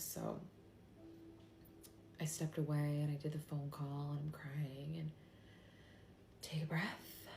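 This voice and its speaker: Tearful woman, hushed and halting. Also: sits low, echoey room, a little hiss or hum. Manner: halting, hushed, breaking into whispers. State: crying. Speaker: mother sharing a personal video. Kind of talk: tearful personal confession to camera.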